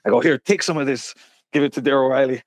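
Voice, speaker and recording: A man's voice: mid-range voice, fast, no room sound. A middle-aged man telling stories in a casual interview, rambling with many fillers and restarts. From Canada. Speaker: interview guest, rapper.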